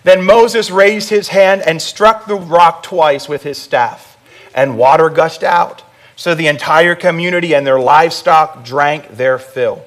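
A man's voice: a little high, unhurried, a bit bright. Man preaching in a conversational sermon. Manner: conversational preaching with audience prompts. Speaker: pastor.

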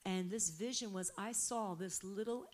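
A woman in her fifties preaching a sermon, animated and laughing, moving between soft whispered prayer and loud exclamations. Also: medium pitch, moderate pace. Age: 50s.

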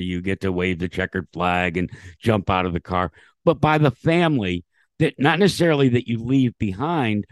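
A man hosts a motorsport interview, his voice sitting a little low. He asks polished, lively questions, and the recording sounds dry and close with no room echo. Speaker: interview host. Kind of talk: broadcast interview.

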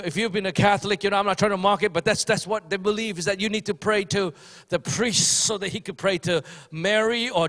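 A man's voice: high voice, a bit bright, long reverb tail. A male pastor preaching a Sunday sermon, fervent and repetitive, calling on the congregation to respond. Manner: fervent, repetitive, mimics pleading prayers.

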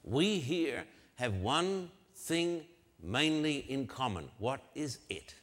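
Slow, emphatic older male preacher. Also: medium pitch, sing-song, a bit bright. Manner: slow emphatic preaching, repeats key phrases. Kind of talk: sermon. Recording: long reverb of a large hall.

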